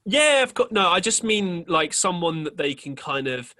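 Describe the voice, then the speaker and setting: A man's voice: high-pitched, very animated, normal speed, sharp tone. A young man hosting a podcast, telling a rambling story in casual chat, full of fillers and casual swearing. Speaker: podcast host.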